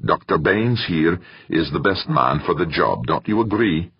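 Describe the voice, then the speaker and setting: A stern older professor voiced by a man, formal and measured, pressing each point with pointed questions. The voice is low and husky, with lively rises and falls, heard in a dull, dry audiobook recording. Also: no echo, heavily acted. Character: stern older male professor chairing a meeting.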